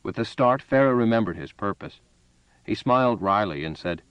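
A man narrating a story in a steady, even reading voice. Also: lowish voice, normal speed, smooth, no echo, highs cut off. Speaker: audiobook narrator. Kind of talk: scripted narration.

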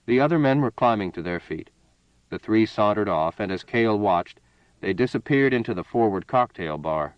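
A man reads a story aloud in a measured, even way, his voice on the low side. The recording is dull and lo-fi, with a dry, close sound. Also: smooth, dry recording. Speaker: audiobook narrator. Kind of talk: scripted narration.

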